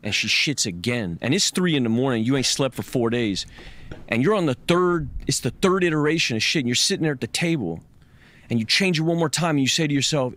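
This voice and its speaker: A man tells a personal story as a podcast guest, rambling and hesitant, full of fillers. His voice sits at a middle pitch with an easy, conversational delivery. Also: animated, fast, a bit bright. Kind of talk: reflective storytelling chat.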